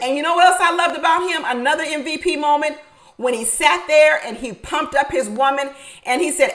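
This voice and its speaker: A woman with a high voice recaps a reality show in a loose, chatty way. She is animated and emphatic, laughs a lot, and says her favorite lines two or three times over. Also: a little fast, rough recording.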